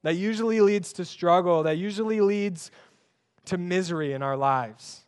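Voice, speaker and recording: A young male pastor with a high voice delivers a sermon in a conversational, emphatic way. He leans on rhetorical questions and keeps the tone informal. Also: moderate pace, darkish tone, clean tone.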